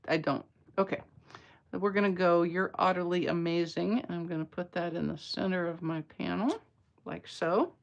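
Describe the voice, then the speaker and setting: A woman, chatting playfully with viewers while demonstrating card-making live. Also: fairly low pitch. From Atlanta area, US. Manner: chatty and playful, bantering with viewers mid-demo. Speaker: craft demonstrator.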